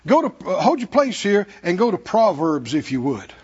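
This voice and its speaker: A man's voice: high voice, very animated, moderate pace, a little mellow, husky, muffled recording. A man with a Southern American accent preaching a sermon in a church, folksy and humorous, chuckling between points. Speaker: pastor. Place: church sanctuary.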